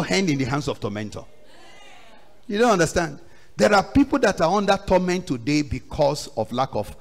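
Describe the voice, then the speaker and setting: Pastor preaching with big swings. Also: male voice, vocal fry. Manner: preaching with sudden loud rises and low drops; acts out quoted voices in the story. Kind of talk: sermon.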